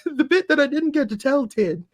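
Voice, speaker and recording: High-voiced man laughing through a story. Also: moderate pace, no echo. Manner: laughs through his own story, animated. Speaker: podcast guest. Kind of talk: casual storytelling.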